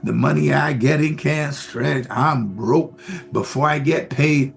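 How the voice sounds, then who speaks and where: A preacher voicing a weary, broke churchgoer who grumbles in a low, self-pitying mumble. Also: male voice, takes it slowly, creaky, faint music behind. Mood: grumbling.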